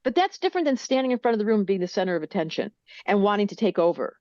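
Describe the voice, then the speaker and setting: An older woman, a guest on a podcast, explaining things in a lively way and acting out little voices as she goes. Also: medium pitch, racing, no room sound, muffled recording. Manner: animated, acts out little character voices. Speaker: astrologer guest. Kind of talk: podcast interview.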